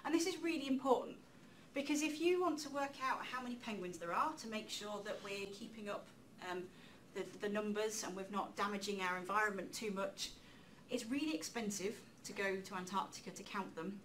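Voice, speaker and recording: A woman giving a public talk in a lecture room, lively and chatty, with self-deprecating asides. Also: medium pitch, a little fast, hardly any pauses. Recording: distant mic with faint room noise.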